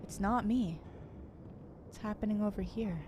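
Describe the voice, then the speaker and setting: A young woman streaming a video game live, excitable, shrieking and yelling when things get tense. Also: medium pitch, moderate pace, background noise. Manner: excitable, shrieks and yells under pressure. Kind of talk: live gameplay commentary. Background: game music.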